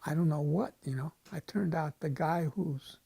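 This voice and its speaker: A man's voice: on the high side, moderate pace, creaky, warm tone, breathy edge, no room sound. A man in his eighties from the United States, telling wry, wandering stories in a casual interview. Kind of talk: casual storytelling.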